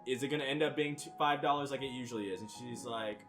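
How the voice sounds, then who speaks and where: A man's voice: mid-range voice, fast talker, music in the background. A young man co-hosting a podcast, casually telling a story, swearing and acting out the people in it. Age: young adult. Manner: animated, swearing, acting out quotes. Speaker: podcast co-host.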